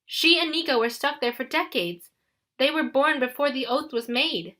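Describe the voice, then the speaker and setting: A woman's voice: high-pitched, moderate pace, bright, forceful tone. A woman voicing a desperate teenage boy hero who pleads and urges others. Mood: earnest. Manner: urgent, pleading.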